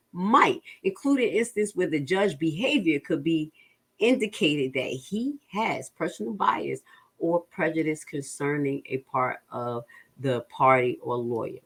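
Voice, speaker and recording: A woman's voice: fairly low pitch, fairly bright tone, slightly rough. New Jersey woman reading legal filings. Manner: halting reading with many fillers and restarts, asides to the audience. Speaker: legal commentary host.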